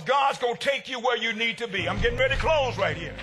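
A male pastor preaching a sermon, swinging between shouted lines and hushed ones. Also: very high voice, lively intonation, fast talker, hardly any pauses, husky, faint music behind.

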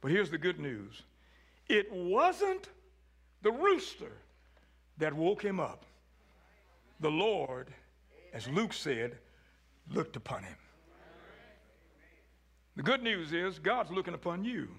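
Male pastor, high and gravelly, preaching with hushed-to-shouted swings. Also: very animated, slow pace, long pauses. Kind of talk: sermon.

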